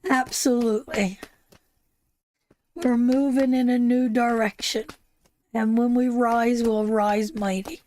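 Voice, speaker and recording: A woman's voice: a little high, little pitch movement, slow pace, pauses often, mellow. A tearful woman hosting a live tarot stream, chatting affectionately with viewers and calling them darling and sister. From Canada.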